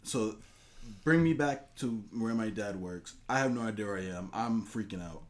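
A man's voice: on the low side, moderate pace. A young man telling a long story in casual chat, acting out the quotes with a rising voice. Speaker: podcast co-host.

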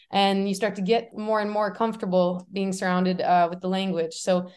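Chatty woman guest telling stories. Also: medium pitch. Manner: animated, laughs often, frequent restarts. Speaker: podcast guest. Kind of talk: casual conversational storytelling.

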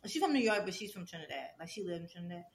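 A young woman, co-hosting a podcast and telling stories in lively casual chat, acting out the people she quotes. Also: fairly low pitch, racing, creaky, roomy sound. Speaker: podcast co-host.

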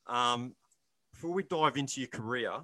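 Upbeat Australian podcast co-host. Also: male voice, mid-range voice, normal speed, bright, forceful tone, no echo. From Queensland, Australia. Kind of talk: casual podcast hosting.

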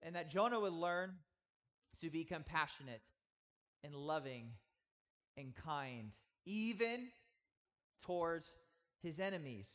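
Man, 30s, pastor delivering a sermon; slightly high voice, earnest and emphatic. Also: animated, a bit bright. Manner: earnest, emphatic with slow drawn-out stresses. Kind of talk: sermon teaching.

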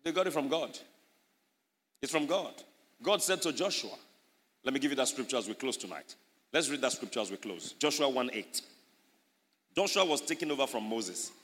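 A man preaching an animated sermon as a pastor, his voice rising loud on key points. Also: mid-range voice, normal speed, long pauses, long reverb tail.

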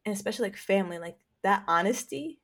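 A woman with a voice of ordinary middle pitch, co-hosting a casual podcast. She speaks bluntly and jokes around. She laughs freely between her remarks. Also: expressive, quick pace, husky. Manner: blunt, joking, laughs often. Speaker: podcast co-host. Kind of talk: casual chat.

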